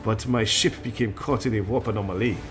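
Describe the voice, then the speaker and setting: A man voicing a stern, brooding female warrior guardian in a game, with a put-on French accent that slips, speaking low and solemn. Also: a little fast, fairly bright tone, faint music behind, lightly acted. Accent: put-on French, slipping. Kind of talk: reading game dialogue aloud.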